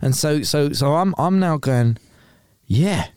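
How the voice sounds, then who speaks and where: A man, a radio presenter guest telling an animated anecdote in casual chat, acting out quoted lines as he goes. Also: fairly high pitch, normal speed, clear, resonant tone, no echo, clean studio sound.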